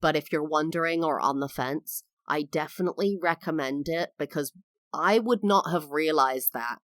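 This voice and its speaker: A woman's voice: sits low, moderate pace, a bit bright, no room sound, clean studio sound. A woman in her thirties hosting a podcast, telling personal stories in a candid, reflective way with emphatic swells. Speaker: podcast host. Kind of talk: personal storytelling monologue.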